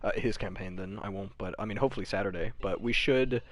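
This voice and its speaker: A man's voice: lowish voice, fast talker. A young man running a tabletop game, chatting casually after the session, rambling, laughing often and swearing freely. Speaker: game master. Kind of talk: casual post-session chat.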